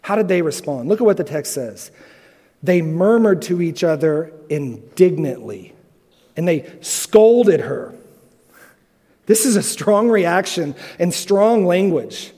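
A man preaching a sermon earnestly, asking the congregation rhetorical questions and pausing for effect. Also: high voice, expressive, dark tone. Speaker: pastor. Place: large auditorium. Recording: long hall reverb.

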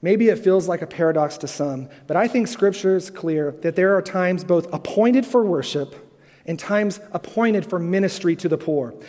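Man, pastor, sermon, earnest, rhetorical questions, high voice, long hall echo. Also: darkish tone. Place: large auditorium.

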